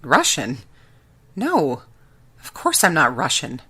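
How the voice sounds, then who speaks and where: A woman's voice: low-pitched, wildly swooping pitch, slow pace, pushed and bright, slightly rough, exaggerated voice. A woman narrator voicing a defensive male scientist explaining himself in an audiobook. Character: defensive male scientist, loyal old friend.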